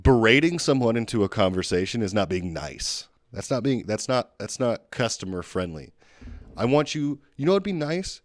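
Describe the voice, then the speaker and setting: A man's voice: medium pitch, very animated, normal speed, dry recording, studio quality. A young man co-hosting a casual podcast, blunt and argumentative, swearing as he makes his points. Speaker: podcast co-host.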